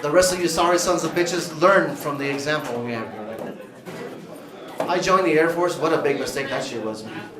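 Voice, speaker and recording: A man's voice: on the high side, moderate pace. A man doing brash, profane stand-up comedy, teasing the audience in a large comedy club. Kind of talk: stand-up comedy with crowd work. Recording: echoey club with loud crowd laughter.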